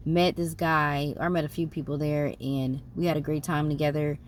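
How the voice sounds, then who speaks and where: A woman's voice: low-pitched, flat delivery, moderate pace. A woman chats loosely about her trips, wandering off and correcting herself as she goes. A faint hum of room ambience sits behind her. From United States. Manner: rambling, conversational, many fillers and self-corrections. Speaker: travel vlogger. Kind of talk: casual travel recap.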